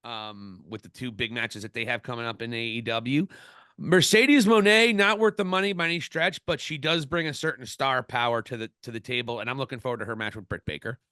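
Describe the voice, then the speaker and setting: A man's voice: medium pitch, fairly even intonation, fairly quick, sharp tone, smooth, no echo, studio quality. A man co-hosting a wrestling podcast, talking casually in an opinionated, rambling way with many restarts. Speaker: podcast co-host.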